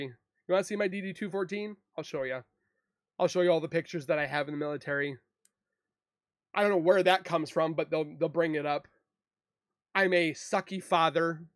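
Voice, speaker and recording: In a high voice, an emotional true crime YouTuber delivers a defensive monologue to camera, repeating himself as he rambles and sounding upset. It's recorded in studio quality with no room sound.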